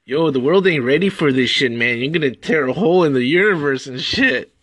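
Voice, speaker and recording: A man's voice: on the high side, lively intonation, fairly quick, fairly bright tone, no room sound. A man ranting in crude, rowdy banter as a podcast guest. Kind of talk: casual rant.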